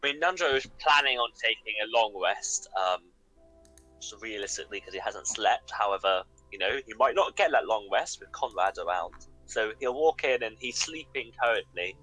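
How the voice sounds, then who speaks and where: Lively, joking male game player. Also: on the low side, moderate pace, faint music behind, poor audio. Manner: joking, laughs often. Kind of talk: casual online game chat.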